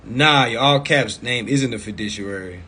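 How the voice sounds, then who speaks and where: A man coaching viewers in a casual live stream over a phone mic, blunt and profane, repeating himself and breaking into loud, emphatic bursts. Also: mid-range voice, normal speed, a little hiss or hum.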